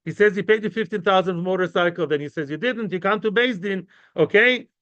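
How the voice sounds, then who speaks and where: A man giving an informal, animated Talmud class, chatty and lively, mixing English with Hebrew and Yiddish terms. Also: sits high, fairly quick, dry recording, lo-fi sound. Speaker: Talmud teacher.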